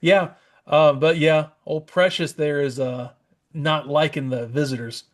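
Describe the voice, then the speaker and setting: A man's voice: fairly high pitch, steady tone, measured pace. A man co-hosting a podcast, chatting casually about a comic, rambling a bit and chuckling often. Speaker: podcast co-host. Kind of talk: casual comic-book chat.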